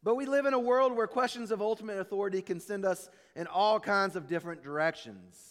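High-voiced preacher in a reverberant hall. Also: male voice, brisk, a bit bright. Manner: storytelling preacher, acts out quotes, drops low for emphasis. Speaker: pastor. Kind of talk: sermon.

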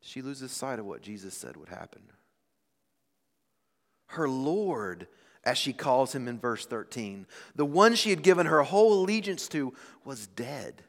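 A man in his thirties preaching a sermon as a pastor, with dramatic swings between loud and hushed delivery. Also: medium pitch, very animated, measured pace. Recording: long reverb of a large hall.

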